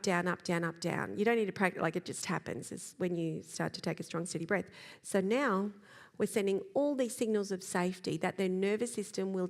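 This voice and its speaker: Lively woman explaining in a reverberant hall. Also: medium pitch, creaky. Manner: lively explaining, acts out examples. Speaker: speaker on child behaviour. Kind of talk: live talk to an audience.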